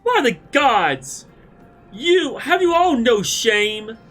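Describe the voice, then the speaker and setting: A man's voice: high voice, lively intonation, moderate pace, sharp tone, soft background music, voice pushed up. A man with a cold putting on the voice of a haughty, indignant noblewoman. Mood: outraged. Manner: outraged, then fawning. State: congested with a cold.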